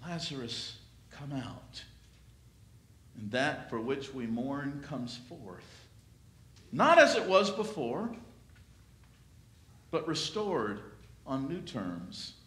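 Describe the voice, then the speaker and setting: A pastor preaching a sermon in a church, with a slow, dramatic delivery that swells and then drops to a hush. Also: male voice, mid-range voice, big pitch swings. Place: church sanctuary. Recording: echoey church room.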